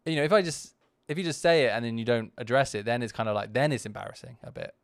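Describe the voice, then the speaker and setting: A man hosting a podcast talks through his own video in a loose, rambling way, circling back with lots of restarts and asides. He is candid and self-deprecating, in a crisp, resonant voice recorded dry and close. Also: medium pitch, quick pace, no echo. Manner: rambling, full of "you know" and restarts. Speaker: podcast host.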